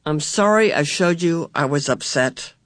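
A reader voicing a calm, patient mother of four in a storybook reading. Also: medium pitch, moderate pace, no room sound, clean studio sound, lightly acted. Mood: steady. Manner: calm, steady.

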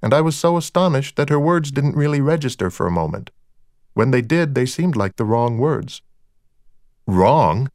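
A man reads a first-person crime novel aloud in a dry, wry storytelling manner. His pitch sits in the middle range. The recording is close and dry with no room sound. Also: fairly quick, darkish tone, dry recording. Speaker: narrator. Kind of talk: audiobook narration of a crime novel.

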